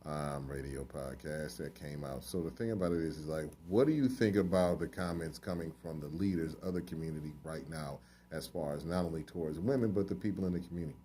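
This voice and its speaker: A man's voice: a bass voice, a little fast, hardly any pauses, warm tone. A man hosting an interview, asking questions in a casual, conversational way. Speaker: interview host.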